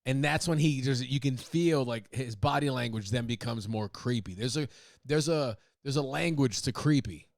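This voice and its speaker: A man's voice: medium pitch, normal speed, dry recording, clean studio sound. A man hosting a podcast, riffing in a loose, profane, joking way and laughing at his own bits. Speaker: podcast host. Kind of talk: casual comedic monologue.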